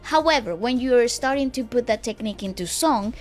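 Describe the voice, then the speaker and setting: A woman reacting to a song in a casual chat, effusive and then explaining vocal technique calmly, with music faintly behind. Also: on the high side, brisk.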